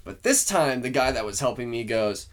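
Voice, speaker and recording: A man's voice: mid-range voice, lively intonation, normal speed. Man retelling a heated story on a podcast. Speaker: podcast co-host. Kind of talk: casual chat.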